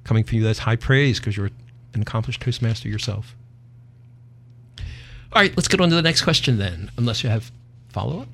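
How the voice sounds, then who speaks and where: Man, talk show host, folksy, opinionated, mid pitch. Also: lively intonation, fairly quick, creaky, a bit bright, husky. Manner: folksy, opinionated, half tongue-in-cheek. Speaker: podcast host. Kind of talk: casual talk show banter.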